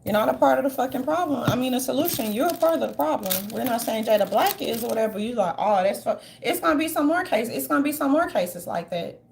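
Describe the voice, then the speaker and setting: Blunt high-pitched woman ranting. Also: lively intonation, fast talker, gravelly, few pauses, a little hiss or hum. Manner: blunt, profane, mocking quoted voices. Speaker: commentary channel host. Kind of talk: casual opinion monologue.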